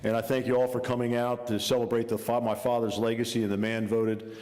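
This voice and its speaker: A man leading a foundation gives a formal, steady welcome speech at an awards dinner. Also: mid-range voice, brisk. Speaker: foundation leader. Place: banquet hall.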